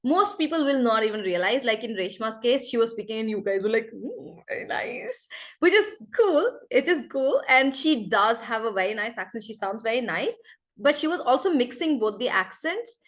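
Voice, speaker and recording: A woman teaching an online accent class, chatty and repeating example words slowly. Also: fairly high pitch, lively intonation.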